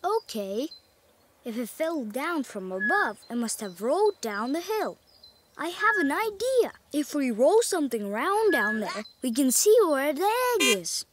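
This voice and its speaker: A woman's voice: sits high, very animated, measured pace, noisy background. A woman voicing a cheerful young male magical truck in a children's cartoon, upbeat and eager, talking to the kids.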